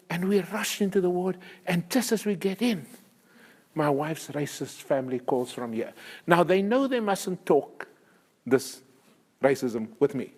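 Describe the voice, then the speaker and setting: An older man with a South African accent, telling stories to parents as a guest speaker, animated and emphatic, laughing often. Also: high voice, in a large hall. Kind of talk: storytelling talk to parents. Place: school hall.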